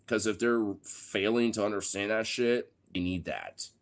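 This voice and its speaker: A man's voice: lowish voice, unhurried. A man talking in a casual, rambling monologue, swearing often and getting heated, with lots of "you know" fillers. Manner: profane, heated ranting with frequent fillers.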